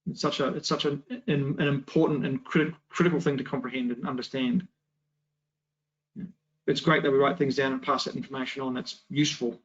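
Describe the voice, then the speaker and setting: Male Sunday school teacher, mid-pitched, conversational and full of restarts; dull lo-fi recording. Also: fairly even intonation, fairly quick. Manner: conversational, many restarts and rhetorical questions. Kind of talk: Bible class teaching.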